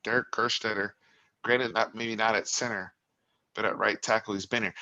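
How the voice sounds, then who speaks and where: A man with a bright, forceful voice hosts a heated postgame reaction. He talks as a fan first and vents his frustration, at times raising his voice to a yell. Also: fairly low pitch, steady tone, normal speed, highs cut off. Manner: impassioned, builds to yelling. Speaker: sports talk host.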